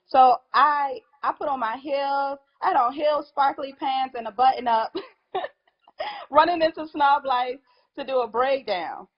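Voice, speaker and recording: A young woman hairstylist chatting in an interview, animated and acting out quotes, at times emotional. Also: high voice, a little slow, lo-fi sound. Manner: animated storyteller, acts out quotes, gets emotional. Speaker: hairstylist guest. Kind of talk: casual interview chat.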